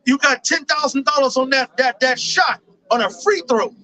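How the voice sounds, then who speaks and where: A man teaching a Bible study in a slangy, profane, animated street style. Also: very high voice, normal speed, poor audio. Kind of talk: informal scripture commentary.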